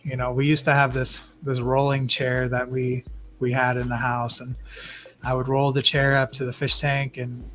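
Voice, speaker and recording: A man's voice: mid-range voice, normal speed, slight background noise. Chatty man telling breeding stories. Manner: rambling, animated storytelling with acted-out quotes. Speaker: guest shrimp breeder. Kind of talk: casual livestream interview.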